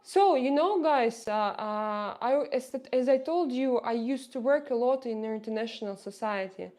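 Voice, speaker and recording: A woman's voice: on the high side, unhurried, darkish tone. Russian-accented woman chatting on a livestream. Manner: hesitant, many fillers and restarts, greets viewers by name. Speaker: livestream host. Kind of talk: casual livestream chat. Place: home.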